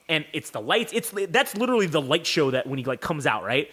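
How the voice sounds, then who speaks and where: A man's voice: on the high side, big pitch swings, a little fast, a bit bright, slightly rough. A man telling a rambling, profane story as a podcast co-host. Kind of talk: casual storytelling.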